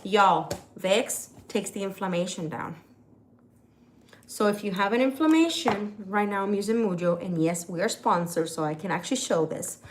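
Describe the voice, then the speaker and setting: A woman vlogging casually, retelling a mishap in an exasperated, animated way. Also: medium pitch, normal speed, a little hiss or hum. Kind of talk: casual vlog storytelling.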